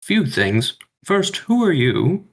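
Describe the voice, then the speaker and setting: A man's voice: on the high side, very animated, slow. A man player in a tabletop game, talking in character in a blunt, questioning way.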